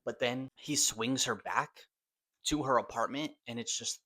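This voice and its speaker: A young man giving a casual, excitable movie review, full of swearing and slang. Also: medium pitch, a little slow.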